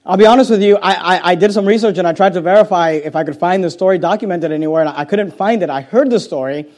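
High-pitched pastor guy preaching hard, goes loud then hushed, repeats lines for punch. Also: fast talker. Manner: impassioned preaching, swings from loud rising emphasis to quiet intensity; repeats phrases for emphasis. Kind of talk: sermon.

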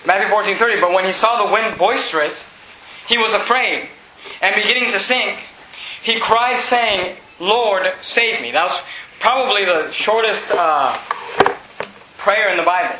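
A man preaching a sermon as pastor, fervent and loud, shouting at times and then dropping low. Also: a little slow, echoey room, background noise.

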